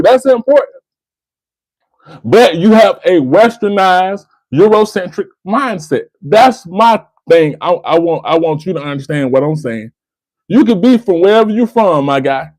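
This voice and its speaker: A man's voice: high voice, expressive, moderate pace, a little mellow, no echo, rough recording. A man, hosting a call-in debate and lecturing the caller. He keeps repeating the caller's name and restarting his words. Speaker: host of a call-in debate stream. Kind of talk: argumentative call-in discussion.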